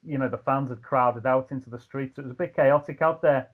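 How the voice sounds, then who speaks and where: A man's voice: mid-range voice, brisk. A man with a Liverpool accent, a guest ring announcer, telling stories in casual chat with lots of fillers, over a video call. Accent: Scouse. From Liverpool, England. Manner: animated anecdotes with frequent fillers and shouted impressions. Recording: tinny phone-like line.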